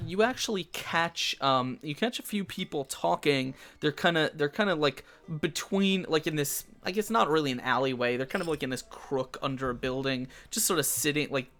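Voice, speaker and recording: A man's voice: a little high, a bit bright. A man narrating a tabletop game as game master, rambling with many fillers and restarts.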